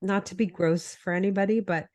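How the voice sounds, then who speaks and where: A woman's voice: mid-range voice, steady tone, a little fast, darkish tone. Congested, nasal woman with a cold. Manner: chatty, self-deprecating, tells stories. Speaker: podcast co-host, health coach. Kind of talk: casual chat.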